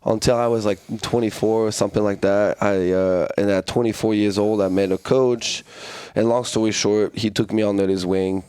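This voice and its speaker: A man's voice: on the low side, moderate pace, few pauses, smooth, dry recording. A man from France in his thirties, telling fight stories casually on a podcast with lots of swearing. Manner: profane, animated storytelling. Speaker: guest, fighter. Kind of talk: casual storytelling.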